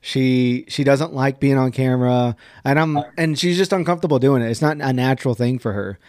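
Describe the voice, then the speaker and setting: A man's voice: mid-range voice, a little fast, darkish tone, no room sound, studio quality. A man, a podcast guest and skincare brand owner, chatting casually and saying "dude" a lot. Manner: laid-back, says "dude" and "like" a lot.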